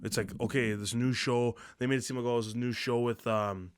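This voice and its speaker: A man's voice: mid-range voice, steady tone, brisk, clean tone. A young man with a stuffy, nasal voice from a cold, co-hosting a casual podcast and rambling with lots of filler words and restarts. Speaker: podcast co-host.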